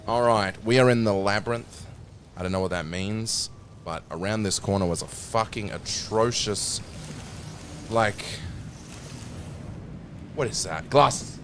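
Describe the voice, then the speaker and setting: A man's voice: lowish voice, measured pace, long pauses, a bit bright, a little hiss or hum. A man streaming a game, chatting casually in a rambling, crude, jokey way.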